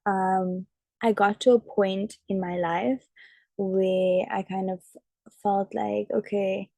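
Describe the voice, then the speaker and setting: A young woman chats to camera in a relaxed storytelling vlog, peppering her talk with "like". Her voice is soft and mellow, with a gravelly fry at the ends of phrases. The sound is dry and close. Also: mid-range voice, no room sound. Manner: chatty, frequent "like" fillers. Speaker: vlogger and model. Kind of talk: casual storytelling chat.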